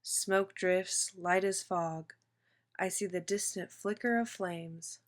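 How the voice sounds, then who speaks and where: A woman reading a children's picture book aloud in steady, even narration. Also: fairly low pitch, slow pace. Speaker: storyteller.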